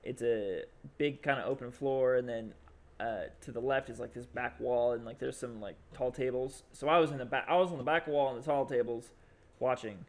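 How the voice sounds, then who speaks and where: A young man with a mid-range voice and fairly even intonation speaks at a moderate pace. He's co-hosting a podcast, rambling through a long story in casual talk, full of fillers and dramatized quotes.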